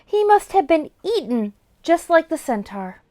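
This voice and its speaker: A woman's voice: extremely high pitch, very animated, measured pace, darkish tone, pitched above the performer's own voice, heavily acted. A woman voicing a frightened young boy on the run, with a trembling, panicky way of talking. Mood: scared.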